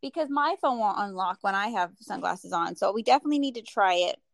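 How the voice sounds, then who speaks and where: Fast-talking with vocal fry and lively intonation, this medium-pitched woman co-hosts a podcast, chatting casually and laughing frequently. The studio sound is clean, with no room sound.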